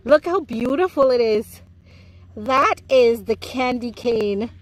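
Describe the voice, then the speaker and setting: A woman's voice: fairly high pitch, expressive, takes it slowly, rough recording. A woman with a Jamaican accent giving a chatty, playful tour of her home garden. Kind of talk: casual garden tour vlog.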